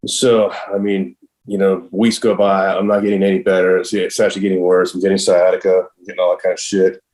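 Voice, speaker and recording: Middle-aged male podcast guest, deep and low, rambling storyteller who swears freely. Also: level tone, a little fast, a little mellow, poor audio. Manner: rambling and profane, heavy use of "like" and "I'm all". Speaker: podcast guest, professional skateboarder. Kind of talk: casual storytelling.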